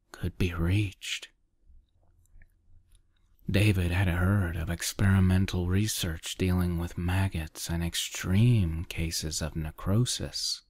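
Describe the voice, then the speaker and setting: A man narrating a dark short story as a soft, half-whispered ASMR reading close to the mic. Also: low-pitched, breathy edge, dry recording. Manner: quiet, half-whispered, measured.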